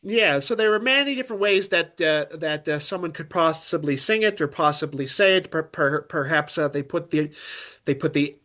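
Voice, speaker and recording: Halting male opera tenor, fairly high voice. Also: sharp tone. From Pennsylvania, USA. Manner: halting, with many restarts and filler words. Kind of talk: casual interview chat.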